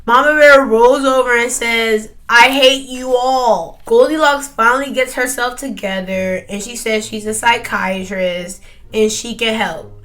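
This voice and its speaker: A teenage girl narrates a story about a school project in a casual, chatty way, saying "like" constantly. Her fairly high, fairly bright voice moves at a measured pace over faint background music.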